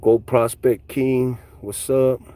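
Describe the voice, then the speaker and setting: A man's voice: medium pitch, little pitch movement, slow, mellow. A man hosting a casual livestream, ranting with profane, mocking trash talk while driving. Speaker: livestream host. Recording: street and car noise behind.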